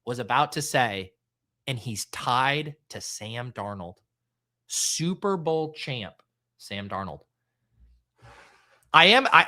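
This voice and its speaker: A man hosts a live stream in a loose, excitable way, his voice bright and forceful. His pitch swings widely and sits a little high. He chats straight to his viewers. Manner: excitable, animated, talks to chat. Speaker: fantasy football streamer. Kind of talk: live-stream casual chat.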